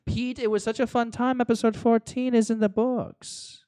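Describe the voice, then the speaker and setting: A man putting on a deliberately bad German accent, loud and high above his own voice. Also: level tone, clear, resonant tone, no echo, studio quality. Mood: hammy. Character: man faking an over-the-top German accent.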